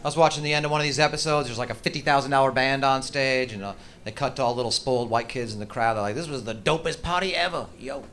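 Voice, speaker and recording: A man doing a stand-up comedy routine on stage, ranting in a profane, exaggerated way with sudden shouted outbursts. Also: medium pitch, fairly even intonation, racing, few pauses. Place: comedy stage before a live audience.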